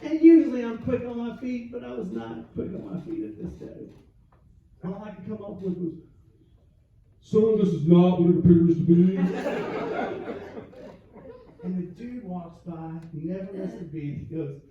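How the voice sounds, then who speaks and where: A middle-aged man from the South, performing a stand-up comedy set with punchy storytelling and quick comic voices. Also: high-pitched, distant mic. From American South. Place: comedy club stage. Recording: echoey club with crowd noise, lo-fi. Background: audience laughter.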